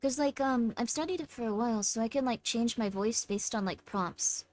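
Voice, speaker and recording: A woman hosting a live stream, chatting casually in a bubbly, excitable, playful way. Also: fairly high pitch, normal speed, no echo. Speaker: streamer host.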